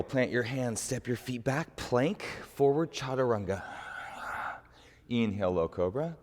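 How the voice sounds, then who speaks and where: A man leading a guided yoga class, calmly cueing each breath and movement. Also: mid-range voice, unhurried, long reverb tail. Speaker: yoga instructor.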